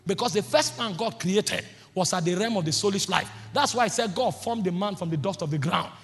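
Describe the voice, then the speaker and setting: A man preaching a fervent sermon, often shouting and repeating phrases for emphasis. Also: high voice. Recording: long hall reverb with faint music behind.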